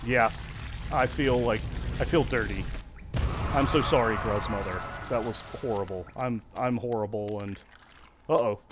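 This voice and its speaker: A man with a lowish voice, speaking a little slowly, hosts a let's play, offering casual commentary while playing a video game. He sounds musing, self-deprecating, and apologetic. The background is noisy.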